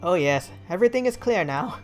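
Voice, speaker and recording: A woman's voice: lowish voice, lively intonation, a little fast, soft background music, close to an everyday voice. A woman voicing a pompous, eccentric British male detective in a theatrical, grandiloquent manner, with a put-on British accent. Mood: grandiose. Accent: attempted British.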